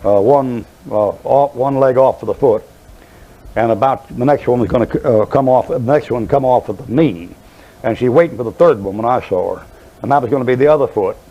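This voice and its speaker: A man's voice: medium pitch, a little fast, dull audio. An older man preaching a sermon, telling folksy, rambling stories with many asides.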